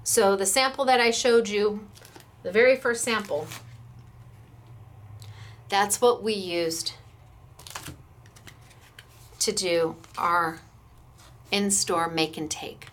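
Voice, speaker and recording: A woman's voice: mid-range voice, fairly even intonation, slow pace, pauses often, a bit bright, a little hiss or hum. An American woman who runs a craft shop, chatting enthusiastically as she demonstrates stamps and dies and gushes over the samples.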